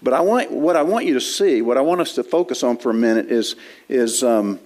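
A man's voice: medium pitch, lively intonation, a little fast, a little mellow. A man preaching an expository sermon in a church, talking in a conversational way with frequent restarts while he quotes and explains scripture. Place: church sanctuary.

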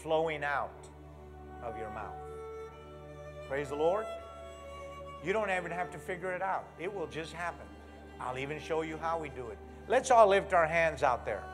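A man preaching a sermon in a church, animated, moving from hushed talk to loud exhortation as he leads the congregation. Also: on the high side, moderate pace, long pauses, music in the background. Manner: leads the congregation in call-and-response.

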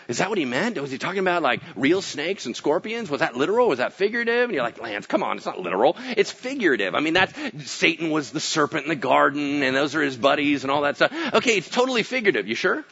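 Lively guy preaching, bright voice, goes loud then super quiet, kinda muffled recording. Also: quick pace, few pauses, breathy edge. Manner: casual, animated storytelling with acted-out quotes; swings from booming to hushed. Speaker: pastor. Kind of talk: sermon.

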